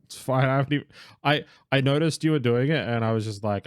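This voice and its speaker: A man's voice: medium pitch, fast talker, smooth, no room sound, studio quality. A young man casually commenting on his own game stream, rambling, correcting himself, swearing and laughing now and then. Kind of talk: casual live gameplay commentary.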